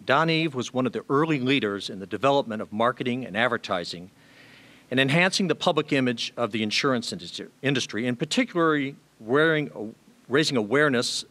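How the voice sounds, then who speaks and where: A man delivering a formal prepared tribute speech, measured and steady, with small hesitations. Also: medium pitch. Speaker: tribute speaker.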